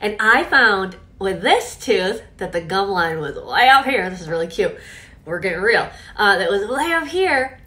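A young woman vlogging in a casual, animated storytelling way, often acting out what people said. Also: medium pitch, moderate pace. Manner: chatty, animated, with quoted reenactments.

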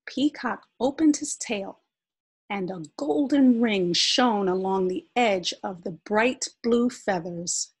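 A woman reads a children's picture book aloud, gentle and expressive. Her pace is slow and her voice has a soft, breathy quality. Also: medium pitch. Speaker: storyteller.

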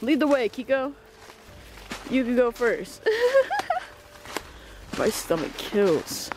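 A vlogger filming on a handheld camera while walking outdoors through woods, with a mid-range voice. The talk is casual and excitable, full of exclamations and calls to the pets, with a faint hiss of noise underneath. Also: medium pitch, very slow.

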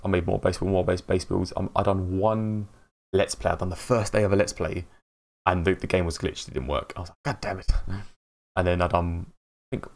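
Give me a rambling male streamer with a gravelly, fairly deep voice. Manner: rambling, laughs at himself, chats with viewers. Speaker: live streamer. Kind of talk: casual live-stream chat.

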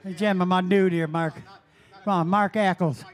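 A man's voice: high-pitched, steady tone, normal speed. A man emceeing a live bar stage into a handheld mic, joking loosely and calling people up. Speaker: emcee of a jam. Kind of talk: casual stage banter.

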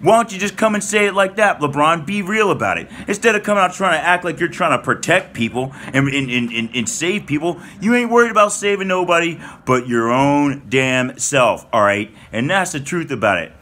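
High, bright-voiced man ranting angrily. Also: expressive, a little fast, few pauses, slight background noise. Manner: heated, profane, repeats himself and stumbles. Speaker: political commentator. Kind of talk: angry rant to camera.

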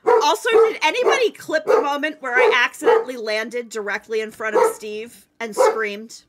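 A woman streaming a game live, commenting excitedly to her chat and teammates. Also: on the high side, normal speed, heavy background noise.

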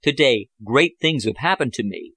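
A man's voice: mid-range voice, expressive, normal speed, a bit bright, husky, no echo. Hearty self-assured diplomat guy, read by a man, dry close audiobook sound. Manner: hearty, expansive explaining. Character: Bellamy, confident man-about-town diplomat.

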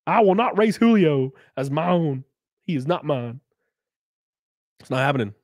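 A man's voice: a little high, expressive, moderate pace, darkish tone, no room sound, studio quality. A man voicing a flustered, indignant middle-aged man in a comedic impression skit.

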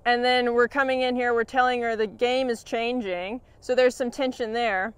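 A woman horse trainer explaining a training session in a calm, encouraging way, often praising her horse. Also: on the high side, moderate pace, clear, resonant tone, no echo.

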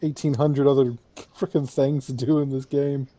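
Mellow-voiced man riffing over a game. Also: mid-range voice, level tone, moderate pace. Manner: rambling, joking, fillers and restarts. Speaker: let's play co-host. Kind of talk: casual gameplay chat.

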